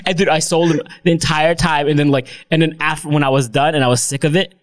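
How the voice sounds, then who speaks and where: A man from the United States telling a story in a casual chat, animated, acting out other people and laughing often. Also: a little high, fast talker.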